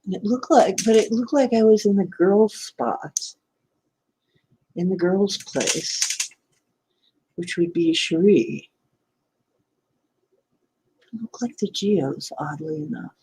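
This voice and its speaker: A woman's voice: mid-range voice, slow, pauses often, warm tone, husky. A woman casually recounting a dream and a night phone call, rambling and correcting herself, often laughing. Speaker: channel host. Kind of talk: casual storytelling to camera.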